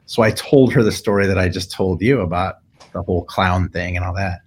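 A man's voice: deep voice, brisk, slightly rough. A middle-aged man, a tattoo artist, telling a personal story in casual conversation and acting out what others said. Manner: animated storyteller, acts out quoted voices.

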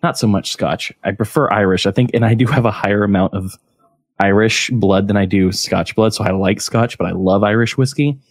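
A man's voice: fairly low pitch, a little fast, dry recording, clean studio sound. An American man co-hosting a podcast, rambling enthusiastically with lots of fillers. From United States. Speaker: podcast co-host. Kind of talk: casual chat.

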